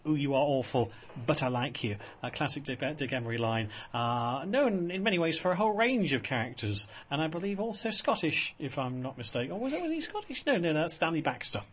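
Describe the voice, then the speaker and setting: A man's voice: a little high, sing-song, fast talker, few pauses, fairly bright tone, slight background noise. A man presenting a casual radio chat show in a studio, rambling with many fillers and restarts. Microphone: studio microphone.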